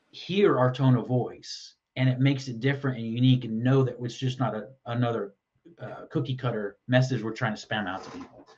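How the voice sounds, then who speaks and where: A man's voice: medium pitch, a little mellow. A man with a Texan accent, a guest in a casual interview, who talks animatedly and acts out the messages he quotes. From Texas. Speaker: podcast guest, LinkedIn lead generation expert. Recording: slightly dull lo-fi audio.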